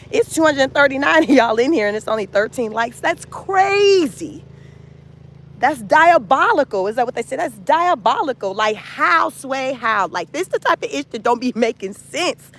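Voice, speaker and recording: Chatty woman doing live commentary. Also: a little high. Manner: animated, chatty, addresses viewers as y'all. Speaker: commentary vlogger. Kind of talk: casual live-stream commentary.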